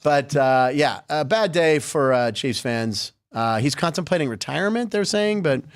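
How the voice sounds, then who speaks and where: Wry, lively man hosting sports chat. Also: fairly high pitch, moderate pace, clean tone. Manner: chatty, wry, sarcastic asides. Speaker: sports podcast host. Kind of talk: casual sports talk.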